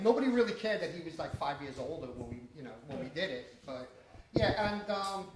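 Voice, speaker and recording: A high-voiced man rattles off salty, laugh-filled stories about his low-budget shoots. He is caught from across an echoey screening room, the audience murmuring around him. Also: recorded from a distance. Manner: profane, laughing, animated storyteller. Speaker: independent filmmaker answering audience questions. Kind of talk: casual storytelling Q&A.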